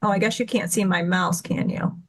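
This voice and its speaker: A woman's voice: on the low side, steady tone. A woman teaching chart patterns as a guest. She explains in a hurry and stops now and then to correct herself. She speaks over a video call. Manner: rushed, tumbling explanations with self-corrections. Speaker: guest trading educator.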